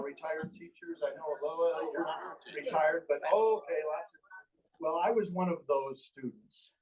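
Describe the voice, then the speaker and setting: Recorded far from the mic with poor audio, a ventriloquist and entertainer spins humorous tales for a crowd on a large hall's stage. His fairly high, slightly mellow voice keeps things playful and chatty as he teases the audience.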